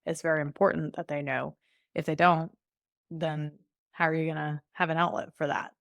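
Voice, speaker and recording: Breezy, candid woman, lowish voice. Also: flat delivery, normal speed, creaky, dry recording, studio quality. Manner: breezy and candid, laughs often, slips into playful voices. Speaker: sex coach guest. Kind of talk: conversational podcast interview.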